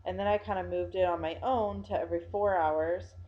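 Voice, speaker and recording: A woman's voice: lowish voice, steady tone, fairly quick, dull audio. A tired young woman vlogging casually, rambling with many fillers and restarts. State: yawning, tired. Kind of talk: casual personal vlog.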